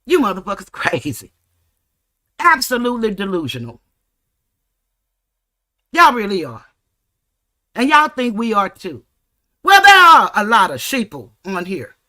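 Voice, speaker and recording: A woman's voice: medium pitch, huge pitch swings, a little slow, pauses often, pushed and bright. A woman, hosting a livestream and ranting angrily with heavy profanity. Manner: angry, profane, confrontational. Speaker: livestream host.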